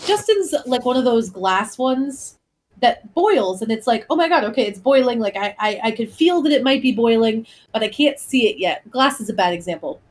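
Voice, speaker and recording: A young woman co-hosting a podcast in casual chat, animated and swearing freely while she makes vivid comparisons. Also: on the high side, normal speed. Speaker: podcast co-host.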